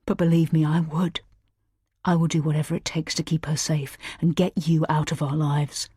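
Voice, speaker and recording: A woman's voice: deep voice, level tone, normal speed, warm tone, husky, no echo, clean studio sound. A woman reading a young man's lines, bitter, accusing and tearful. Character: young man, desperate, furious and grieving.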